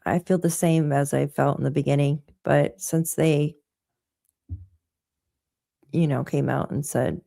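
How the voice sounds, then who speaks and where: A woman's voice: sits low, steady tone, unhurried, vocal fry, long pauses, warm tone, no room sound, studio quality. A woman in a casual chat, hesitant and thinking aloud as she shares her hunch.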